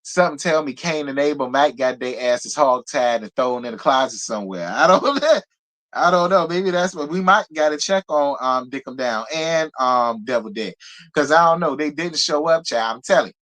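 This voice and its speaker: A man recapping reality TV live, his voice sitting a touch higher than most men's. He talks in a loose, gossipy, profane way, full of laughs and pointed asides. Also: expressive, normal speed, a bit bright. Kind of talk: casual live review commentary.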